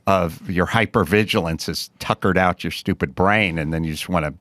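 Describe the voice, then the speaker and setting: A man's voice: deep voice, normal speed, a bit bright, no echo. Wry man hosting a podcast. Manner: wry, teasing, riffs on small details. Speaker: podcast host. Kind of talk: casual comedic banter.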